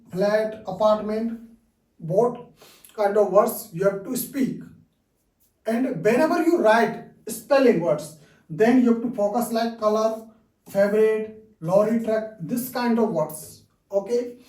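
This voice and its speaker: A man teaches English at a very unhurried pace, repeating words to drill them and tacking "okay?" onto almost every point. His voice sounds mellow and dark. He is recorded from some distance in a roomy, echoey space. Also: very high-pitched. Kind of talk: online language lesson.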